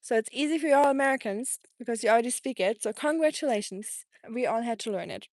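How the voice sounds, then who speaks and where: A woman's voice: a little high, quick pace, a little mellow, no echo, studio quality. Chatty German-accented woman streaming live. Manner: chatty, reads and answers viewer comments, laughs often. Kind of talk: casual live-stream chat. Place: home in Tennessee.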